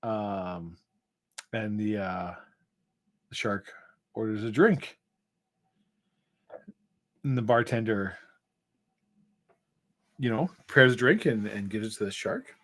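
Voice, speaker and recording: A man co-hosting a relaxed late-night live stream, telling a meandering joke at an unhurried pace. He stops and restarts often, with plenty of filler words. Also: on the low side. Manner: rambling, hesitant joke-telling with many fillers. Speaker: co-host. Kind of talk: casual chat.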